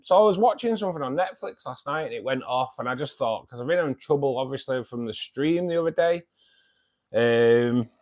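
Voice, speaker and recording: A man hosts a casual fishkeeping live stream from home, rambling and bantering with viewers as he greets them. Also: mid-range voice. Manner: rambling, chatty, joking banter with many fillers. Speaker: livestream host of a fishkeeping club. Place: at home beside his fish tanks.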